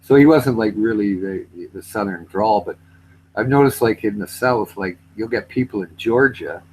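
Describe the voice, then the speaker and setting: A man's voice: deep voice, a little hiss or hum, poor audio. A man in casual chat, rambling about his railway job and likes to mimic accents for laughs. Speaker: retired railway worker.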